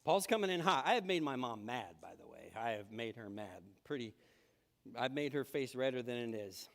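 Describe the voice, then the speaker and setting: A man's voice: mid-range voice, moderate pace, creaky, in a large hall. A man preaching a sermon in a church, telling stories and acting out the voices he quotes. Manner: lively storytelling, acts out quoted voices. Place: church sanctuary.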